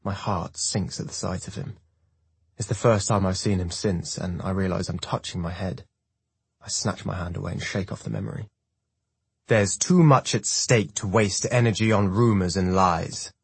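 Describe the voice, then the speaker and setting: A man giving scripted first-person audiobook narration in a measured way. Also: sits low, creaky, breathy edge, no room sound.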